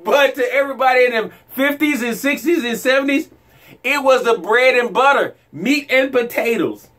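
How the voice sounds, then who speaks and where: A man, a bass player talking casually to camera, animated, laughing often and repeating words. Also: moderate pace.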